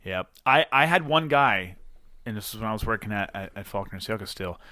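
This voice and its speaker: A man's voice: fairly low pitch, fairly quick, dry recording. A man co-hosting a casual podcast chat about cars, telling stories and acting out customers. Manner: animated storyteller, acts out customers. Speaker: podcast co-host.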